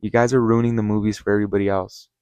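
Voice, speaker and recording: A man with a low-pitched voice gives a casual story-time review as the host of his channel. He rambles and gets heated, swearing often and filling gaps with "you know". The sound is dry and close, with no room echo. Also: flat delivery, racing, a little mellow, clear, resonant tone, muffled recording.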